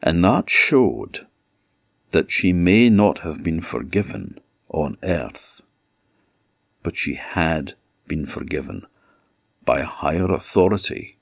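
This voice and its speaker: A man telling a folk tale in a slow, solemn, expressive manner. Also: deep voice, gravelly, slightly rough, dry recording, muffled recording. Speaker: storyteller.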